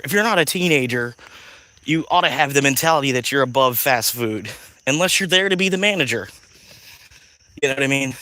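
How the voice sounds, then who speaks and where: A man's voice: medium pitch, bright, forceful tone, low-quality recording. A man chatting casually on a livestream, rambling, swearing and laughing often, outdoors at night.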